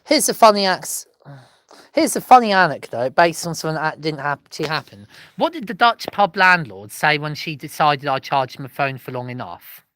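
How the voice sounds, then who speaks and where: A woman's voice: sits low, very animated, normal speed, a bit bright. An Englishwoman vlogging alone, rambling from joke to joke and apologizing often. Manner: apologetic, digressive, laughs at own jokes. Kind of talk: rambling solo comedy chat.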